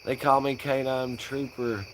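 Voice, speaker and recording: A man's voice: mid-range voice, little pitch movement, a little slow, a little hiss or hum, close to an everyday voice. A man voicing a boastful Southern country man with a put-on Southern drawl. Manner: drawling, rowdy, swaggering.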